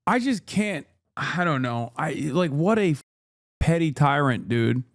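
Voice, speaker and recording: A man reacting to video clips in casual commentary, sarcastic and quick to swear, often cutting himself off mid-word. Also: fairly high pitch, very animated, dry recording, clean studio sound.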